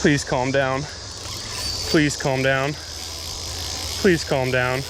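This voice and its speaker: A young man giving excited, breathless running commentary as he fights a fish by a river outdoors. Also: medium pitch, drawn-out words, noisy background. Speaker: fishing vlogger. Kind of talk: live fishing commentary.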